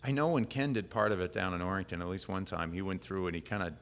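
A man preaching as a pastor, speaking in a relaxed, plain-spoken way that wanders with fillers and restarts. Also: deep voice, quick pace. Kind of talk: casual conversational sermon. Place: church. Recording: long reverb of a church hall.

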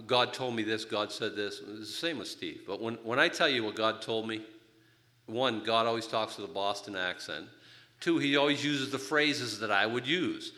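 Older New preacher, bright voice. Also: male voice, medium pitch. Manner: animated, storytelling, joking asides. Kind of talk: sermon. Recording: reverberant hall.

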